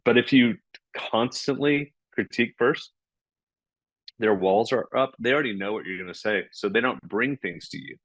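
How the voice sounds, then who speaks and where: A man speaking as a podcast guest, explaining ideas in a conversational way and acting out bits of dialogue with lively energy. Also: mid-range voice, moderate pace, no room sound, rough recording. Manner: animated, acts out dialogue.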